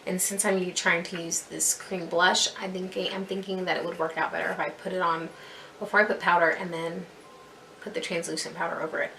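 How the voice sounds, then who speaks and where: A woman's voice: fairly low pitch, flat delivery, fairly quick, pushed and bright, a little hiss or hum. A young adult woman chatting casually to camera as a beauty vlogger, rambling and laughing at herself. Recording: echoey room with faint music.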